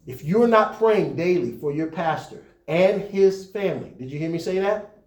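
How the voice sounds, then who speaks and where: A male pastor preaching to his leaders in an easy, conversational way, then pushing up into emphatic peaks. His voice sits high, and it rings in a reverberant church room. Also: lively intonation, moderate pace.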